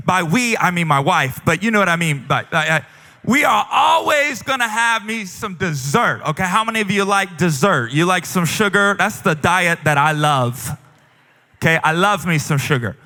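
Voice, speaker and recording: A male pastor with a high, bright voice delivers an animated, joking sermon. His words ring out with the long reverb of a large church auditorium. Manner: animated, humorous storytelling.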